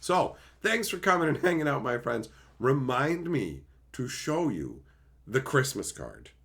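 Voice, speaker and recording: A man hosting a casual livestream, chatting with viewers in a profane, animated way and slipping into quick silly impressions. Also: medium pitch, vocal fry. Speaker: livestream host. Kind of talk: casual livestream chat, reading viewer messages.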